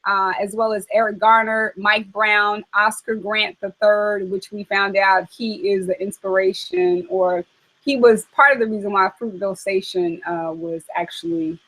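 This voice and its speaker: A woman hosting a casual chat, talking in a chatty, animated way with frequent fillers. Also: medium pitch, moderate pace, rough recording. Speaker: host.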